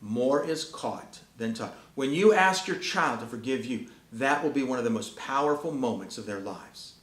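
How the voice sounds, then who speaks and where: A man's voice: medium pitch, expressive, normal speed, a bit bright, roomy sound. A man giving a Christian parenting talk to parents, earnest and folksy, telling stories the way a preacher does.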